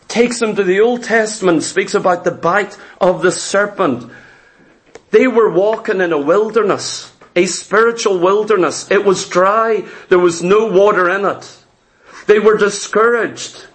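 Emphatic high-voiced male preacher. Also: fairly bright tone. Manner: emphatic, repetitive preaching cadence. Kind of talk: sermon.

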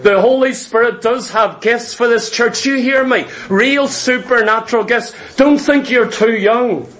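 Man, middle-aged, high-pitched, emphatic church sermon. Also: unhurried, fairly bright tone. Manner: storytelling, emphatic, repeats phrases. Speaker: preacher.

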